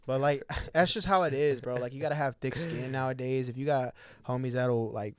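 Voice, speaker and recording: A man in his twenties, a guest in a podcast studio, tells stories in casual, profane chat, laughing often and staying animated. His voice is medium-pitched, smooth and a little fast, with no room sound.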